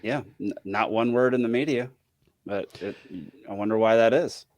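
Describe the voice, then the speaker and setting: A man's voice: lowish voice, moderate pace, dry recording. A man as a podcast guest, talking in a laid-back, casual way.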